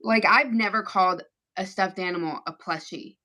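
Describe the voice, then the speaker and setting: A woman's voice: mid-range voice, normal speed, pushed and bright. A woman chatting casually while she sews in her garage workroom, rambling with many fillers. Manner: rambling, filler-heavy, forgetful. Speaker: guest sewist. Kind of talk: casual chat while sewing.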